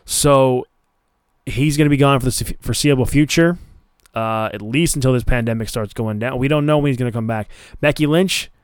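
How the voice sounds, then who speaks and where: A man hosting a solo podcast in an easy, chatty way, often stopping to restart his sentences. His voice sits at an ordinary middle pitch. The sound is dry and close, with no room around it. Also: brisk, smooth, no room sound. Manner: chatty, loose, many fillers and restarts. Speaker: podcast host. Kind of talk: casual solo podcast commentary.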